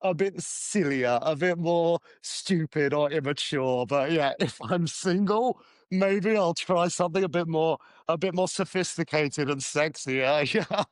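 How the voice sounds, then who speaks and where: High-voiced man, quick podcast banter. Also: dry recording, clean studio sound. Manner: quick, laughing, explains vocabulary. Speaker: podcast co-host and English teacher. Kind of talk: casual chat.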